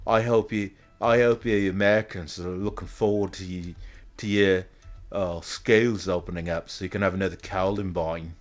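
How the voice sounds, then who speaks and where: A man's voice: low-pitched, steady tone, moderate pace, soft background music, natural voice. A man putting on a snide, taunting British man as a mocking impression.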